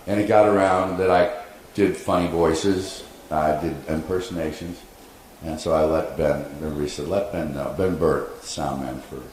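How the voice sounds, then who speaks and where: A man telling an animated story on a convention panel, quoting people and laughing along. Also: sits low. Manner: animated anecdote with laughs and acted-out quotes. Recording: echoey convention hall, faint noise.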